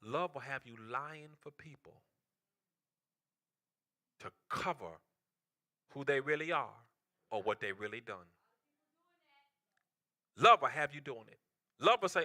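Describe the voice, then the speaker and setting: A man preaching with passion in a church. His voice is very bright and rings out, with a lively, wide-ranging pitch. He moves from loud outcries to hushed near-whispers. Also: a little slow, long pauses. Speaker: pastor. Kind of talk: sermon.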